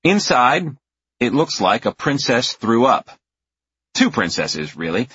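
Husky low-voiced male narrator. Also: fairly bright tone. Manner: wry, exasperated. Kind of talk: first-person audiobook narration. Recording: dull, dry lo-fi recording.

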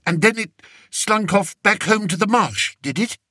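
A man voicing a vain, anxious young king who speaks in a high, plaintive way, in an audiobook. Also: expressive, normal speed, sharp tone, no room sound, studio quality, exaggerated voice. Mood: fretful. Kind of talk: audiobook character voice.

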